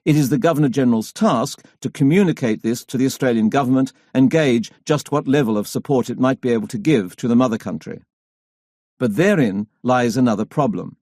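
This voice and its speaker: A man's voice: medium pitch, a little mellow, no echo. Man narrating an audiobook, dry sound. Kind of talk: scripted narration.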